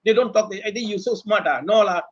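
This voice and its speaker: A middle-aged man with a Malaysian English accent, a professor speaking on a webinar panel, animated and full of rhetorical questions aimed at his fellow panelists. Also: sits high, brisk. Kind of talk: unscripted panel talk. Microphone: webinar video call mic. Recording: dull lo-fi webinar audio.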